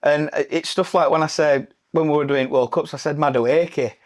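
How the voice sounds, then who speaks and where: A man's voice: fairly high pitch, fairly even intonation, normal speed. A man from Barnsley with a broad Yorkshire accent, co-hosting a podcast, chatting casually, telling stories and laughing often. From Barnsley, England. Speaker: podcast co-host. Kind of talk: casual chat.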